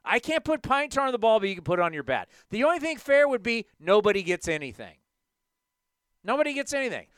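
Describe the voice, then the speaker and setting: A man hosting a sports talk show who rants hard and piles up rhetorical questions. His voice is bright and ringing with a lively swing in pitch. The sound is dry and close to the mic. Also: fast talker, clean tone, dry recording. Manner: emphatic, ranting, rhetorical.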